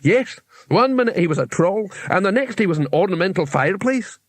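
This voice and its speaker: Man plays friendly troll, raised pitch, cheerful musing delivery, storybook reading. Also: lively intonation, fairly quick, dry recording. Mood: chatty. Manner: cheerful, matter-of-fact, musing. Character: friendly chatty male troll, old and stony. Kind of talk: audiobook character reading.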